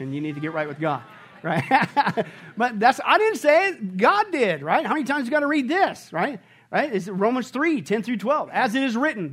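High-voiced emphatic man preaching a sermon. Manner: emphatic, asks the congregation rhetorical questions. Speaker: pastor.

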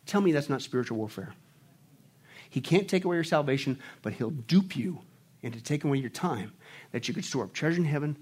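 A man's voice: fairly high pitch, lively intonation, a little fast, darkish tone, husky. A male pastor preaching a sermon emphatically, calling on his congregation to respond. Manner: emphatic, calls on the congregation to answer.

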